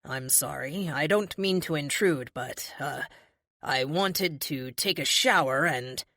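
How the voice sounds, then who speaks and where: Deep, dry male team leader with a clipped drill-sergeant delivery, put on by a woman narrator, close and dry audiobook read. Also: slow, sharp tone, no room sound, full character voice. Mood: hesitant. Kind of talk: audiobook character voice.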